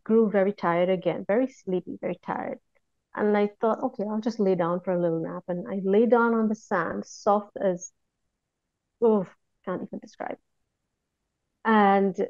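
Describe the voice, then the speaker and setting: A woman recounting a personal experience in a reflective, hushed way, often pausing and restarting her sentences. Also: medium pitch, no room sound, highs cut off. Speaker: guest recounting a near-death experience. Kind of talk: personal testimony, casual storytelling.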